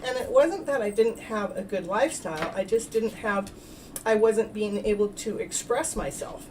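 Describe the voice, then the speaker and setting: A woman hosting a casual self-help talk show, rambling and warm-hearted, laughing often as she talks. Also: mid-range voice, normal speed, distant mic, slight background noise, rough recording. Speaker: host.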